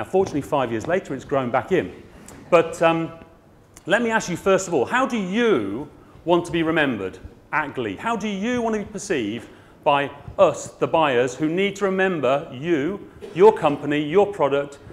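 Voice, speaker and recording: Blunt comic man giving a talk. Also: a little high. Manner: blunt, comic, puts on voices. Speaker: garden centre owner and speaker. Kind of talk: conference talk.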